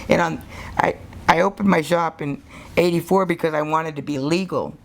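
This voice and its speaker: An older American woman, a tattoo artist, telling stories in an interview, animated and laughing as she acts out what people said. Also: low-pitched, moderate pace. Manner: animated, laughing storyteller who acts out quotes. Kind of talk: storytelling interview.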